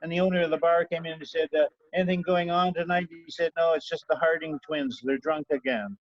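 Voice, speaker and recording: A man's voice: fairly high pitch, steady tone, fairly quick, dry recording. An older man telling a family story and a joke in a rambling, repetitive way on a video call. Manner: rambling, repeats himself while telling a joke. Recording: muffled video call audio.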